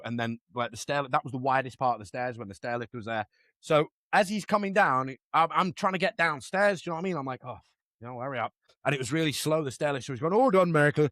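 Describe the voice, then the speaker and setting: A man's voice: fairly high pitch, fairly bright tone, dry recording. A man co-hosting a podcast, telling family stories in casual chat, laughing and swearing freely. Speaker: podcast co-host.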